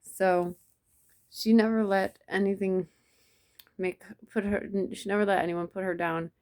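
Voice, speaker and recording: A woman telling a personal memory in a soft, reflective way, with many pauses and restarts. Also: mid-range voice, fairly even intonation. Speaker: vlogger. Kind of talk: personal storytelling to camera.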